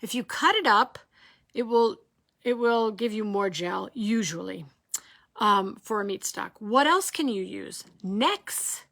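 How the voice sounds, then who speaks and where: A woman teaching a live online cooking lesson in an animated way. She asks rhetorical questions, keeps checking in with her audience and jokes with them. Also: medium pitch, takes it slowly, gravelly.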